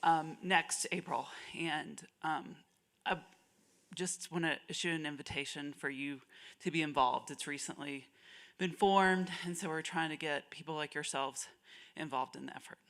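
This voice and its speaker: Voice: medium pitch, normal speed, a bit bright. An audience member making a hesitant announcement from the floor, away from the mic. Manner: hesitant, with fillers.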